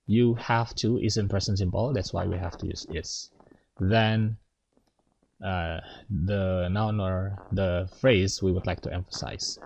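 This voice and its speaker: A man's voice: low voice, creaky, highs cut off, slight background noise. A man teaching an English grammar lesson, explaining step by step and checking in with his students.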